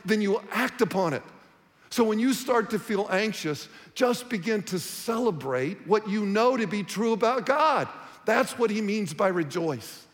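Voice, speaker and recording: A man's voice: sits high, long reverb tail. A man preaching a sermon as pastor, talking to the congregation in a conversational, direct way.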